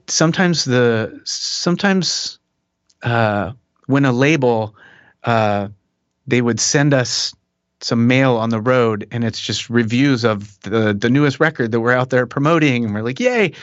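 A man's voice: mid-range voice, measured pace, no echo. Laid-back middle-aged man, dull dry sound. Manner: relaxed storyteller, chuckling, frequent restarts. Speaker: guest musician. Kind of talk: casual interview chat. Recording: dull dry podcast audio.

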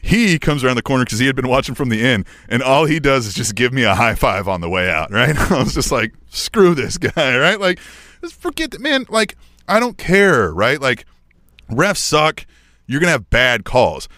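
Middle-aged man, podcast co-host, lively swinging pitch, dry dead room, casual chat. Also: fairly quick, no echo. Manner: animated storytelling, keeps asking "right?".

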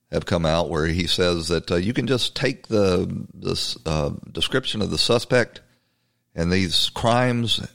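A man with a low, deep voice delivers a talk-show monologue. He is emphatic and conversational, often repeating words as he restarts a thought. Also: a bit bright. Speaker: podcast host. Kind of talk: political commentary monologue.

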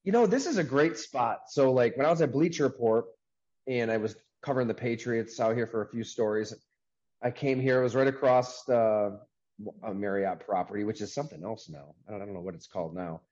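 A man hosting a casual sports podcast over a video call from a sports bar, talking in an upbeat, chatty way with quick asides. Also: medium pitch, darkish tone, muffled recording. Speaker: podcast host.

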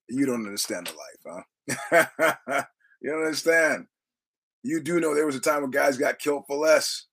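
A man's voice: mid-range voice, a little slow, fairly bright tone, slightly rough. A man hosting his own podcast, talking in a rambling, digressive way, quoting film lines and laughing often. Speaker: podcast host. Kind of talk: rambling casual monologue.

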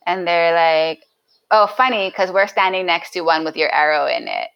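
A woman's voice: on the low side, normal speed, creaky, lo-fi sound. A woman sits in as a podcast guest and tells a story in an easy, chatty way. She restarts her sentences often and acts out what people said, her voice bouncing with animation. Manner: animated, lots of restarts and acted-out quotes. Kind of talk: casual storytelling.

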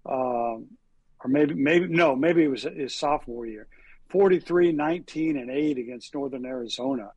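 A man's voice: mid-range voice, moderate pace, a little mellow, husky, dry recording, muffled recording. A man co-hosting a casual sports talk show, telling rambling anecdotes packed with statistics and fillers. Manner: rambling, stat-heavy storytelling with frequent fillers. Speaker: sports reporter and co-host.

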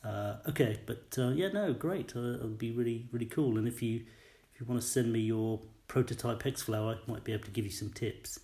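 A man's voice: medium pitch, fairly quick, few pauses, warm tone. A man leaving a casual voice message, apologetic and rambling. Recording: echoey room.

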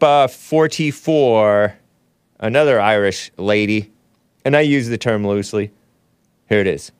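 A male talk show host plays clips and rambles through sarcastic, casual commentary, laughing at his own asides. His lowish voice is smooth and resonant, recorded close and dry with no room sound.

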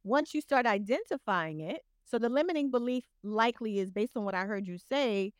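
A woman's voice: on the high side, lively intonation, a little fast, clean tone, dry recording, clean studio sound. Encouraging woman on a podcast. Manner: encouraging, motivational, earnest. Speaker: podcast guest, coach. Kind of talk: casual podcast conversation.

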